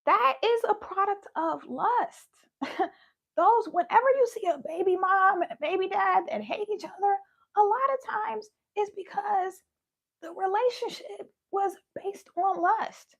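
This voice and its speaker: Woman, very high voice, gravelly, emphatic, laughs often, losing her voice, live talk. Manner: emphatic, laughs often, swings from loud to hushed. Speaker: spiritual video host. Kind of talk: passionate live talk to viewers.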